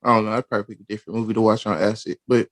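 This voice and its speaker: Relaxed man, dry close sound. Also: fairly low pitch, rapid-fire, no echo. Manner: relaxed, hesitant with many ums. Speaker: podcast co-host. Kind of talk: casual chat.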